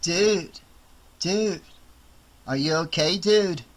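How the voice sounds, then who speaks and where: A man doing an excitable slacker teen boy. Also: a little high, very slow, over music. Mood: excited. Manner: laid-back, gushing slang.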